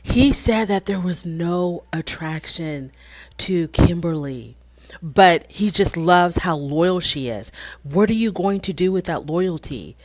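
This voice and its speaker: A woman's voice: on the low side, expressive, takes it slowly, darkish tone, no echo. A woman casually recapping a reality TV episode, chatty and conversational, acting out the people she quotes and asking rhetorical questions. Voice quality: frequent fillers and restarts, rhetorical questions. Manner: chatty and conversational, retelling scenes with quoted voices.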